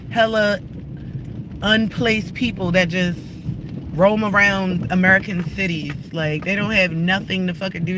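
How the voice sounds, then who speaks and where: A man live-streaming from his car while driving, ranting in a profane, combative way at his viewers. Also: sits high. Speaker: livestreamer. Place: inside a moving car. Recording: loud car road noise.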